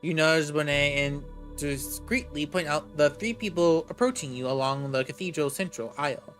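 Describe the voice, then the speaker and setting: A man's voice: on the high side, normal speed, a bit bright, faint music behind. A man streaming a game, reading its story aloud steadily with small stumbles. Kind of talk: reading a visual novel aloud.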